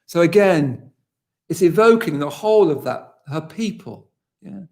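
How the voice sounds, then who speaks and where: An earnest man with a slightly higher, gravelly voice, leading a reflective poetry talk. He muses aloud with warm enthusiasm and often restarts his sentences. He slows down to savour each quoted line. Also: expressive. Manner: slows down and lingers over quoted lines. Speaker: resident poet leading a poetry session.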